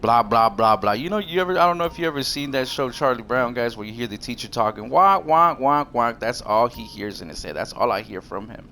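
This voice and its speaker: Man, casual gaming rant, repetitive, slangy, mid-pitched, noisy recording. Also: fast, few pauses, bright, forceful tone. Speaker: gaming YouTuber.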